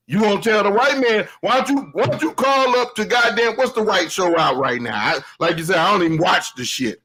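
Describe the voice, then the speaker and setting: A man's voice: high voice, fairly bright tone, slightly rough, low-quality recording. A man hosting a show, delivering a heated, profane commentary rant with emphatic, laughing delivery.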